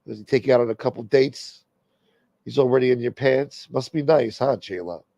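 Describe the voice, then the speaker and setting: A man in his fifties hosts a talk show, ranting in a crude, mocking way. His voice is gravelly and mid-pitched, and it sounds dry and close. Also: moderate pace, dark tone, no room sound, highs cut off. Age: 50s. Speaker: host. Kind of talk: profane comedic rant.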